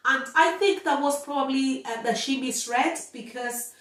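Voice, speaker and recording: Female language teacher, unhurried and demonstrative, high-ish voice, roomy recording. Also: fairly bright tone, recorded from a distance. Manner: slow, drawn-out demonstrations of sounds, playful scolding. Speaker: Spanish teacher. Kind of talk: pronunciation lesson.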